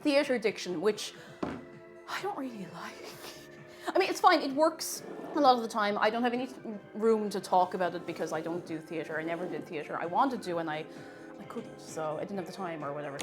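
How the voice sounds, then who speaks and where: Baking while she streams live, a young Irish woman chats in a rambling, animated way, laughing a lot and reading out messages from chat. She speaks in a mid-range voice at a moderate pace, with music underneath.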